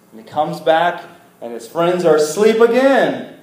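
A young male preacher tells the story in a loose, conversational way, animated and quick to throw questions and jokes at his audience. His voice sits a little high for a man. The sound carries the echo of a hall. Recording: echoey hall.

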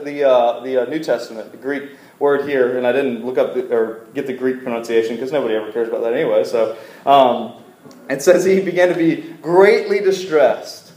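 A man's voice: medium pitch, darkish tone, roomy sound, rough recording. A man preaching a casual, joking sermon to a congregation in a church, asking them to repeat words back to him. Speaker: pastor. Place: church service room.

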